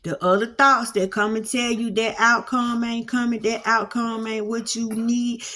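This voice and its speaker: Bright and forceful yet level in tone, her somewhat high voice moves unhurriedly as she, a spiritual teacher, speaks casually to camera at home with her dogs at her feet. She repeats phrases in a folksy preacher rhythm, using Southern vernacular.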